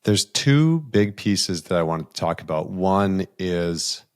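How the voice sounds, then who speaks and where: A man hosting a podcast interview, talking in a reflective, relaxed conversational way. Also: low-pitched, slow pace, smooth, no echo, clean studio sound. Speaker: podcast host.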